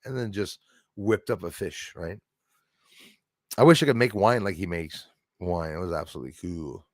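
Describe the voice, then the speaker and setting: A man's voice: low voice, normal speed, no room sound, clean studio sound. Rambling man with a French Canadian accent. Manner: rambling, chuckling, jumps loudly between topics. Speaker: livestream host. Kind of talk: casual livestream chat reading viewer comments.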